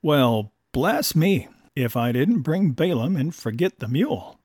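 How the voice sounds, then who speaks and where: A man's voice: fairly high pitch, lively intonation, measured pace, a little mellow, no echo. A man reads the part of a befuddled old drunk, an elder who answers his wife meekly. His lines rise a little above the narration, and the voice sounds dry and close. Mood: sheepish.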